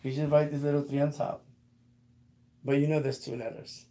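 A man's voice: a little high, level tone, dark tone. Patient man teaching word by word. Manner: patient, repeats words slowly for the learner. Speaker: Arabic teacher. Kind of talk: casual one-on-one lesson.

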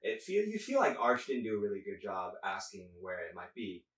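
Deep-voiced man running a tabletop game. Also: wildly swooping pitch, fairly bright tone. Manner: halting, many fillers. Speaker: game master. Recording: echoey room, distant mic.

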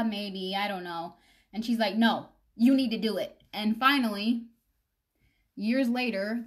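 Chatty young woman doing a live makeup stream. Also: mid-range voice. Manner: chatty, rambling, warm toward viewers. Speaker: makeup vlogger.

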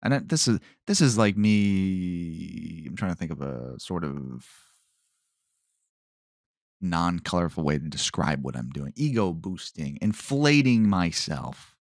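A man's voice: low-pitched, unhurried, pauses often, dry recording. A man hosting a solo podcast, rambling and stopping himself mid-thought, in a dry tone that sounds sarcastic. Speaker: podcast host.

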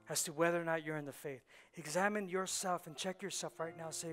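Impassioned preaching man over soft music. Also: fairly high pitch, steady tone, brisk, few pauses. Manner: passionate preaching, swings from hushed to loud, repeats phrases. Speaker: pastor. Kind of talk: sermon. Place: church sanctuary.

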